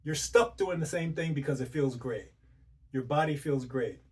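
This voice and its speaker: A man's voice: fairly high pitch, moderate pace, a little mellow, far from the mic. A man giving relationship advice as a coach, speaking directly to the listener and repeating his points with rhetorical questions. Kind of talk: motivational advice talk.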